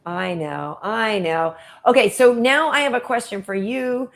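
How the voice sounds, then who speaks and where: A woman hosting a casual chat show, talking in a chatty, enthusiastic way with quick asides. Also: on the high side, vocal fry. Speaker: host.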